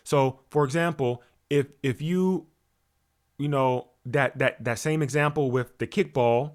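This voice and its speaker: A man's voice: medium pitch, measured pace. A man giving a motivational talk as a spiritual coach, preachy and full of rhetorical questions, restarting and repeating words as he goes.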